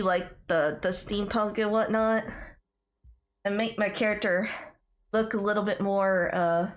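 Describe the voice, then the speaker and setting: A woman's voice: medium pitch, a bit bright. A woman with a Southern US accent chatting casually while streaming a video game. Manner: chatty, giggly, reading dialogue aloud. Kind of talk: casual let's-play commentary.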